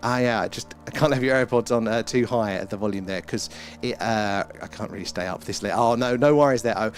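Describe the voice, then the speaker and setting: A man's voice: on the low side, brisk. A British man hosting a casual live stream, chatting, greeting viewers by name and swearing mildly. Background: faint ambient music.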